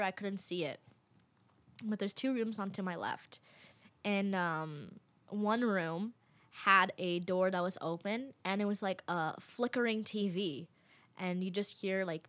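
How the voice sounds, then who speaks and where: Young woman, bright voice, chatty casual storyteller, heavy on fillers. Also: medium pitch.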